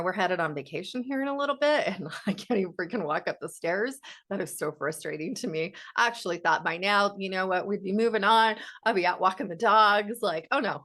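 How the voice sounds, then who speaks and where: A woman's voice: lowish voice, a bit bright. A woman self-help coach speaking in a casual livestream talk, candid and blunt, swearing freely.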